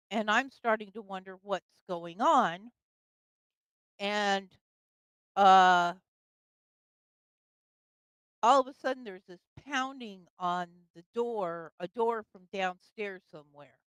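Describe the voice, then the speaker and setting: A woman's voice: medium pitch, fairly bright tone, clear, resonant tone, no echo, low-quality recording. An older woman telling a personal story in casual conversation, with fillers and laughs. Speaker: guest storyteller.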